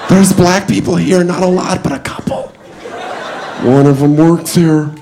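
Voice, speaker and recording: A man's voice: on the high side, fairly even intonation, measured pace, gravelly, warm tone, a little hiss or hum. A man doing a stand-up comedy routine on a club stage, brash and self-mocking, with the audience laughing and chattering around him. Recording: live club with crowd laughter.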